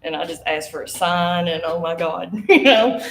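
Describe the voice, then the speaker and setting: With a low-leaning voice, vocal fry and normal speed, a woman in her 50s tells a ghost story on a studio stage before an audience. The room echoes, and she laughs often while acting out each character's voice.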